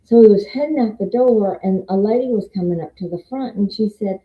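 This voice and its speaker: A woman's voice: mid-range voice, normal speed. An older woman with a Southern accent giving a rambling, testimony-style faith talk and quoting scripture. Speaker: faith vlogger and meeting moderator. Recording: roomy, dull lo-fi sound.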